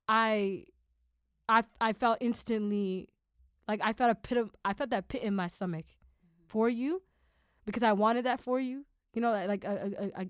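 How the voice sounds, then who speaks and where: A woman podcast host recalling a shared memory in an animated, rambling, emotional way. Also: medium pitch, no room sound, studio quality. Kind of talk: conversational interview.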